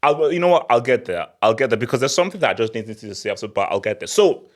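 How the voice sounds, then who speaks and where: A young man hosting a football channel, talking in an excitable, laughing rant. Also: mid-range voice, fast talker. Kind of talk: animated football commentary vlog.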